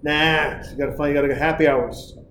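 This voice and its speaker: A man's voice: fairly high pitch, steady tone, quick pace, a bit bright. Rambling, profane man in a roomy space. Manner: loose, profane, rambling storyteller. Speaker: podcast host. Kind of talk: casual chat. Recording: roomy echo, faint background hiss.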